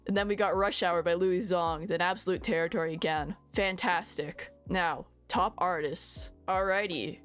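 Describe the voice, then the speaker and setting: A woman's voice: lowish voice, steady tone, normal speed, few pauses. A woman hosting a casual vlog, chatting through her music stats and stumbling over foreign titles with self-deprecating jokes. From Canada. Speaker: VTuber host.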